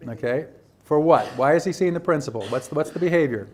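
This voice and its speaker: Male trainer, high voice, lecturing teachers with animated role-play asides. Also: fast talker. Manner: animated, acts out teachers and students, rhetorical questions. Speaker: presenter at a teacher training workshop. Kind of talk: lecture to educators.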